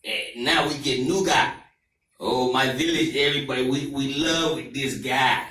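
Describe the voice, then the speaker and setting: A comedian doing a grave, slow-talking village man. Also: medium pitch, bright, forceful tone, reverberant, far from the mic. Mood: earnest. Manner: slow, few words, emphatic. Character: serious older man from a Ghana village.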